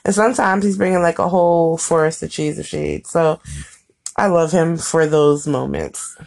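Playful woman in her thirties with gravelly low voice. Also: moderate pace. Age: 30s. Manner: animated, playful storytelling. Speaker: podcast co-host. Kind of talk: casual chat.

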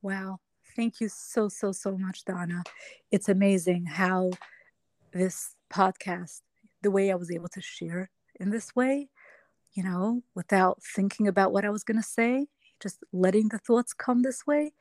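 A woman's voice: mid-range voice, measured pace, darkish tone, no room sound. A woman who is a podcast guest, telling a personal story in a reflective, emotional way.

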